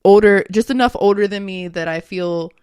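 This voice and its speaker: A woman's voice: medium pitch, moderate pace, a little mellow, clear, resonant tone, no echo, clean studio sound. A young woman, a podcast co-host, talking candidly and casually, with lots of fillers. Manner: chatty, filler-heavy, candid. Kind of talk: casual spiritual chat.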